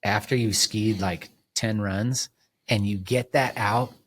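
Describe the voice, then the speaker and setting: A man's voice: lowish voice, fairly even intonation, slow pace. Laid-back, rambling middle-aged man. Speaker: podcast guest. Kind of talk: casual chat.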